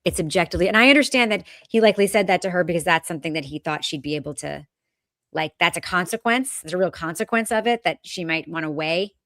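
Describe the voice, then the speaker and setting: A woman with a Fall River, Massachusetts accent, talking casually as a podcast co-host. Her voice sits on the low side and sounds dry and close, with no room around it. She is pointed and opinionated and keeps pressing rhetorical questions. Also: lively intonation, fast, fairly bright tone, no echo. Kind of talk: casual chat.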